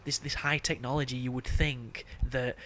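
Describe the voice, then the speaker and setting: A man's voice: medium pitch, little pitch movement, normal speed, a bit bright, a little hiss or hum. Young guy chatting over a game, swears a lot, rambles off topic, laughs a bunch. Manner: rambling, profane, laughs often. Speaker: gameplay commentator. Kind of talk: casual gameplay commentary.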